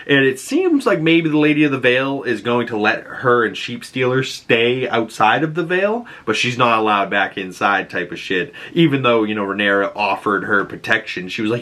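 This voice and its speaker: A man casually breaking down a TV episode, excitable and swearing freely. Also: medium pitch, moderate pace. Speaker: YouTube show recapper.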